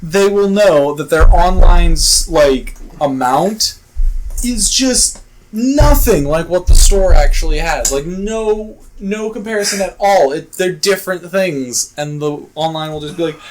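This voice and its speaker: A young man co-hosting a podcast, casually telling animated retail-work stories, swearing and acting out customers. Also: high-pitched, unhurried, noisy background. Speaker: podcast co-host. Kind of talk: casual podcast chat, storytelling.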